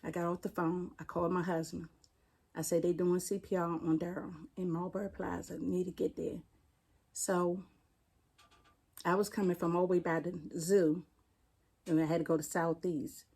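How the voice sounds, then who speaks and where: Mellow-voiced D.C. woman recounting her loss. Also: fairly low pitch, little pitch movement, slightly rough. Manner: plainspoken, halting, retelling a painful loss. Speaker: interview guest, firefighter. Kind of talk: personal storytelling in an interview.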